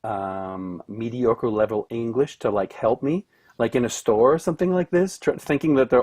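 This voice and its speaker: A man's voice: medium pitch, normal speed, a little mellow, breathy edge. Rambling Canadian man on a video call. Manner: rambling, with many restarts and fillers. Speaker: guest, orchestral cellist. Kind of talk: casual chat on a video call.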